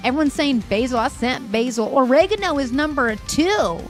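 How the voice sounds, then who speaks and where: A woman's voice: high-pitched, animated, normal speed, few pauses, soft background music. A young woman livestreaming, chatting playfully with her viewers, reading their comments aloud and laughing often as she thinks aloud.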